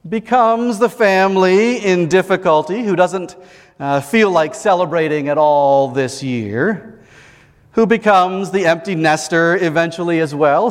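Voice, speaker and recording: A male pastor delivers a sermon in a measured, reflective way, leaning on deliberate pauses. His voice sits high and his delivery is unhurried. A long reverb hangs after each line, as in a large church. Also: smooth.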